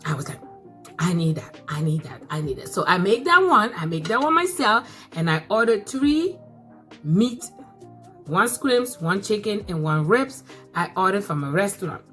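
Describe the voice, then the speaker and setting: Excitable woman with a bright voice. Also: medium pitch, normal speed, faint music behind. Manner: excitable, repeats phrases, bursts of laughter. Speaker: mukbang vlogger. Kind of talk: casual chat to camera.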